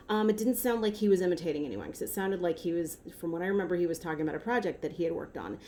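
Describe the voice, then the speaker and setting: A woman's voice: quick pace, darkish tone. Woman, vlogger, casual commentary, rambling, self-correcting, mid-range voice. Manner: rambling, self-correcting, with sudden upward pitch jumps. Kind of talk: casual chatty commentary to camera.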